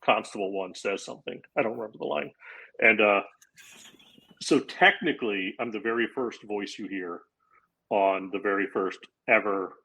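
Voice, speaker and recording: A man's voice: on the low side, normal speed, vocal fry, husky, low-quality recording. A man in his forties from Florida, a comedian guest on a podcast, telling a long anecdote and acting out quotes in casual chat. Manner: animated anecdote-telling with acted-out quotes and laughs.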